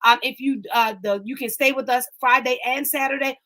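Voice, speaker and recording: Bright, high-voiced woman preaching encouragement. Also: fairly even intonation, fairly quick. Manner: emphatic, repeats lines, talks to live viewers. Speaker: host of an online inspirational talk.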